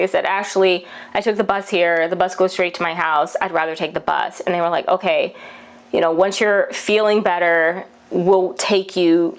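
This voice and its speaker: A young woman vlogger telling a personal story to camera in a chatty way, with many fillers and laughs. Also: fairly low pitch. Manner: chatty, full of fillers and laughs, emotional retelling. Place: Paris.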